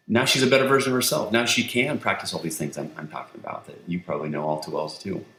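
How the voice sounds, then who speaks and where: A man who works as a sales coach, talking as a podcast guest in a lively storytelling way and acting out the quotes he tells. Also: on the low side, fast, a little hiss or hum. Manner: energetic storyteller, acts out quotes. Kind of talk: conversational interview. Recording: roomy echo.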